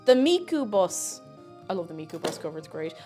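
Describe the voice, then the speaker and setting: Chatty woman streamer cooking live, playful, a lively higher voice, faint music behind. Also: brisk. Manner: playful and chatty, breaks into silly noises and sings along. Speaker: livestreamer and VTuber. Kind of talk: casual chat while cooking on a livestream.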